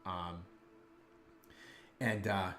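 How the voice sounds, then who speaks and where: Low-voiced game master narrating, echoey. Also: male voice, fairly even intonation, fairly bright tone. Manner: measured, hesitant narration with many fillers. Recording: roomy echo.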